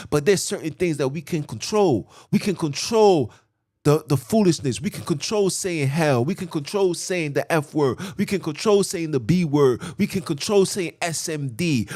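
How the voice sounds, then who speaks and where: Guy preaching hard, high voice, aave, repeats himself in rhythm, ooh-ing out loud. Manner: rhythmic, repetitive preaching with vernacular speech and sudden drawn-out exclamations. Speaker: podcast preacher. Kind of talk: impassioned sermon.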